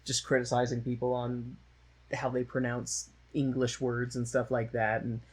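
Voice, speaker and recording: A husky man chats through a musical's plot as a podcast co-host, rambling and joking along the way. His voice is a mid-pitched one with a breathy edge, and he slips into mocking voices now and then. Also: monotone, normal speed. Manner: rambling, jokey, with brief mocking put-on voices. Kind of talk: casual chat recapping a musical.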